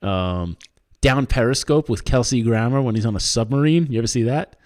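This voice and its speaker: A man in his thirties chatting casually on a podcast, rambling and laughing as he goes, with the odd swear. His voice sits at an ordinary middle pitch for a man. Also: brisk, darkish tone. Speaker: podcast host. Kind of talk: casual chat.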